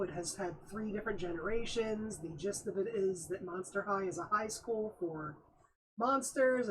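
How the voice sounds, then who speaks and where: A woman co-hosting a live stream, calmly explaining things in casual chat. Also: mid-range voice, slight background noise, rough recording. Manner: explanatory, matter-of-fact. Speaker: co-host.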